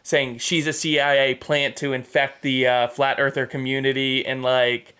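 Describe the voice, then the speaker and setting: A man's voice: mid-range voice, level tone, moderate pace, pushed and bright, smooth. A man hosting a casual podcast chat, telling stories in an eager, rambling way. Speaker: podcast host.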